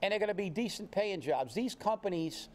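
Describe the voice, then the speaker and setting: A man with a notably high-pitched voice delivers heated political commentary. He rants indignantly and fires off rhetorical questions as a show co-host. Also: expressive, fairly quick, a little mellow.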